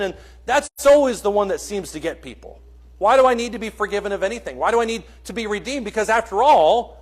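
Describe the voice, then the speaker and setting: Man, preacher, sermon, fairly high voice, earnest, soft-to-loud swings. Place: church.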